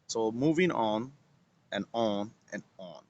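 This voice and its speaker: A man's voice: fairly low pitch, animated, slow, darkish tone, lo-fi sound, a little hiss or hum. A man hosting an interview, prompting his guest with short questions. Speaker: interviewer, host.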